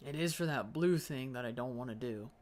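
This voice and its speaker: A man's voice: medium pitch, fairly quick, a little mellow. Rambling young man narrating his gameplay. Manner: rambling, joking self-talk. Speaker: gaming video host. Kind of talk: casual let's-play commentary.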